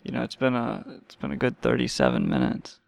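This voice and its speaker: Very gravelly man teasing his co-host. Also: medium pitch, very animated, a little fast, no room sound. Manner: teasing, playful ribbing. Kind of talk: casual chat.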